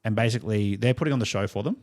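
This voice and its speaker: A man's voice: lowish voice, rapid-fire, darkish tone. Easygoing Australian man co-hosting. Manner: rambling storyteller, many fillers and laughs. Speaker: podcast co-host. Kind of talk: casual chat.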